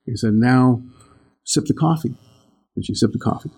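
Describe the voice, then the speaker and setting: Gravelly, mellow older man teacher. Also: mid-range voice, normal speed. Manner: rambling, warm storytelling with laughs. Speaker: spiritual teacher. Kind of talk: morning talk.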